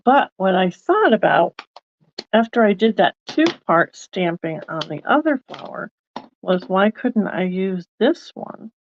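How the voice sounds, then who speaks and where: A woman's voice: mid-range voice, very animated, measured pace, dull audio, slight background noise. A woman hosting a card-making video, chatting casually and thinking aloud as she works. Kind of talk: casual crafting demonstration.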